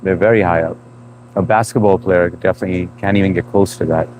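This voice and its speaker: A man with a fairly low voice and an accent blending Indian and New England sounds chats through a livestream in a relaxed, rambling way. He laughs often and restarts his sentences. Faint outdoor noise sits under the voice. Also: fast talker, poor audio. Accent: mix of Indian and New England. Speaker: livestream host. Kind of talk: casual live-stream chat reading comments.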